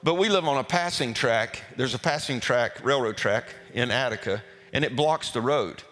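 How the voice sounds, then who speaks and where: Pastor, male, mid-pitched, chatty and animated, restarts his words; recorded in a reverberant church hall. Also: normal speed. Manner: folksy, animated storyteller who stumbles and repeats words. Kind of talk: storytelling testimony to a congregation. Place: church sanctuary. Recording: reverberant hall with faint music.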